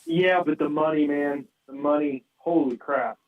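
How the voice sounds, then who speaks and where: A man co-hosting casual sports talk, excitable, with a lot of "dude" and "I mean". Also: on the high side, unhurried. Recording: distant tinny phone-like line.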